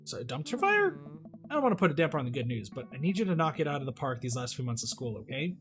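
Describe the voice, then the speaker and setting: Game streamer, playful jokey asides, animated lively pitch, faint guitar music behind. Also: racing. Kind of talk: let's play with read-aloud dialogue and jokes.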